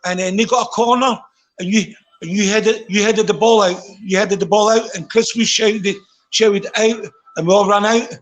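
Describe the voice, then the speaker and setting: A man's voice: sits high, steady tone, moderate pace, a bit bright, low-quality recording. A man, a former footballer, telling rambling dressing-room stories in casual chat, often repeating his words.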